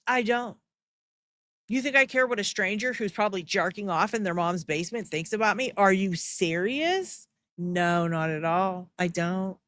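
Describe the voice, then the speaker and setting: A woman's voice: on the high side, fairly bright tone, no room sound, clean studio sound. A young woman hosting a live stream, ranting bluntly and profanely in reaction to a clip. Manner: heated ranting at chat.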